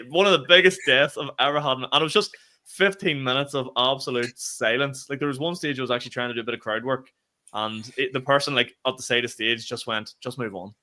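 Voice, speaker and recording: A young Northern Irish man and comedian co-hosting a podcast, telling stories in casual chat with quick swearing asides. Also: mid-range voice, bright, forceful tone. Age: young adult. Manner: quick storytelling with swearing and fillers.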